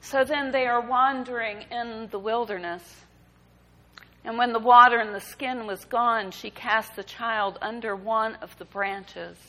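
Slow, deliberate woman preaching. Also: on the high side, steady tone, bright, forceful tone, poor audio. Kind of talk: sermon.

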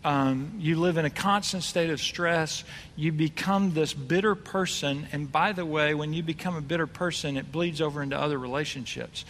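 A man's voice: on the high side, normal speed, fairly bright tone, a little hiss or hum. A man preaching a conversational sermon, asking his congregation questions. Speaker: pastor. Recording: reverberant hall.

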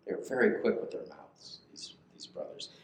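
A male pastor giving a conversational sermon, reading and explaining scripture and checking in with listeners. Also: moderate pace. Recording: echoey room.

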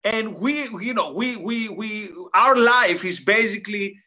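A man's voice: high-pitched, a little slow, sharp tone. A man co-hosting a casual philosophical discussion, making his points emphatically and repeating words as he builds them. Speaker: co-host.

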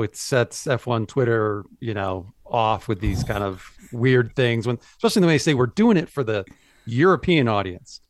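A man's voice: mid-range voice, no echo, clean studio sound. A man appearing as a journalist guest in casual chat, rambling with lots of "you know" and "like".

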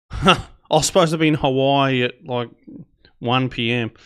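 Smooth-voiced Australian man telling a story. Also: mid-range voice, measured pace, fairly bright tone. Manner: laid-back, profane, chatty with frequent fillers. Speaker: podcast host. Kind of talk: casual storytelling.

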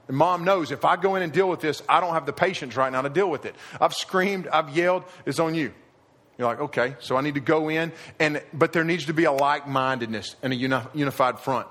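A middle-aged man preaching a sermon to a live audience, animated and acting out quoted voices, growing emphatic. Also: fairly high pitch. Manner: animated, rising to emphatic near shouting at the end. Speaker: pastor. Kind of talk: sermon on parenting.

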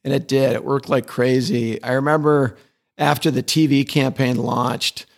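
A man's voice: mid-range voice, steady tone, moderate pace, vocal fry. A middle-aged man, a guest in an interview, talking enthusiastically and repeating words as he restarts his sentences. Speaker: interview guest, advertising executive. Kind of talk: conversational interview.

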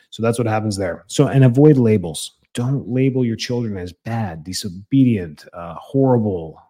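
A man's voice: on the low side, normal speed, hardly any pauses, mellow. A man in his thirties, a chiropractor hosting a show, giving casual parenting advice with fillers and restarts, acting out little parent and child lines. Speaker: chiropractor and podcast host.

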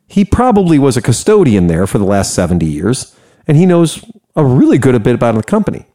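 An American man casually telling a story, animated and profane, laughing often. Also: mid-range voice. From United States.

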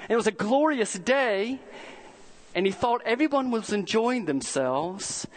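Man, pastor, sermon, high-pitched, earnest storytelling, slowed emphasis. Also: animated, low-quality recording.

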